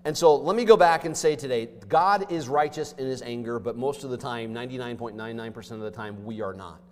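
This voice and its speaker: A man preaching a sermon as pastor, with emphatic delivery that swings between loud stresses and hushed asides. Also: mid-range voice, a little fast. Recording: long hall reverb.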